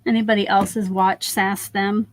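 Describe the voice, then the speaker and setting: A woman's voice: mid-range voice, flat delivery, a little slow, no room sound. A woman hosting a live crafting stream who stands while she works and chats to viewers as she walks them through each step. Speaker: crafting channel host.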